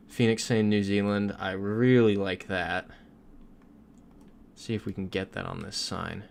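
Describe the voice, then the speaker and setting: A young man from Florida on a gaming livestream talks in a low, gravelly voice and laughs as he reads out comments. Faint noise and keyboard typing sit behind him. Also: steady tone, measured pace. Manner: chatty, reads viewer comments aloud, laughs often. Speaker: streamer. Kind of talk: casual livestream chat while gaming.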